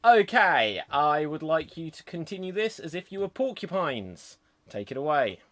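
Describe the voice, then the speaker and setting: A man hosting a live online improv comedy show over a video call, upbeat and brisk as he explains the games. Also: fairly high pitch, big pitch swings, a bit bright, dry recording.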